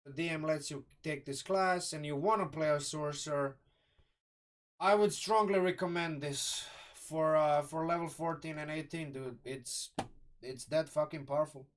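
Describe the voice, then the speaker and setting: A man from Croatia with a Croatian accent, chatting casually and excitably on a live stream, rambling and swearing freely. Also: fairly high pitch, moderate pace, distant mic. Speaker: live streamer reviewing a game sourcebook.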